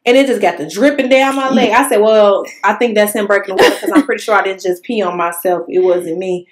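A young woman hosting a casual podcast chat, telling an animated personal story in casual slang. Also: mid-range voice, quick pace. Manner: animated storytelling, Southern Black-American vernacular slang. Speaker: podcast host.

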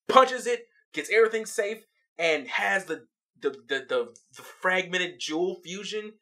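A vlog host giving an animated, casual recap of a cartoon episode, laughing often as they tell it. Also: mid-range voice, measured pace, slight background noise.

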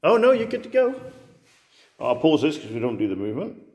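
Speaking a little high with huge pitch swings and a darkish tone, this host chats and jokes while playing a tabletop wargame, tossing in quick asides. His commentary echoes through a roomy hall with long reverb.

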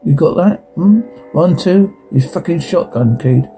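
Man reading a cocky cursing demon hunter, gravelly, brash, a little swagger. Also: on the high side, expressive, measured pace, warm tone, soft background music, pitched above the performer's own voice. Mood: taunting. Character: cocky, foul-mouthed middle-aged male demon hunter.

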